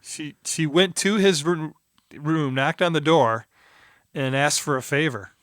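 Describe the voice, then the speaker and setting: A man co-hosting a podcast, chatting casually about a film. He is laid-back and often lets his sentences trail off low. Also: a little slow, a bit bright, no echo, clean studio sound. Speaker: podcast co-host.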